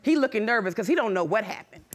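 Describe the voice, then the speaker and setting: A woman's voice: fairly high pitch, expressive, fast. A woman testifying as a witness on a courtroom show, telling her story bluntly and defiantly and acting out the dialogue. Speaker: witness, defendant's girlfriend.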